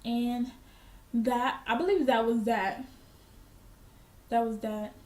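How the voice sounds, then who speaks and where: A woman's voice: on the high side, steady tone, takes it slowly, pauses often, a little mellow. A young woman vlogger telling a casual storytime, blunt and profane, proudly petty and unbothered. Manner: boastfully petty.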